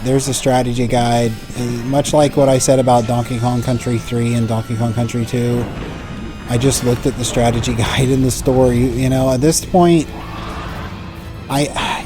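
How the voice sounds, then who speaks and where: A man in his thirties giving rambling, casual commentary while playing a game. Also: mid-range voice. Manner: rambling, full of "like" fillers. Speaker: let's play host.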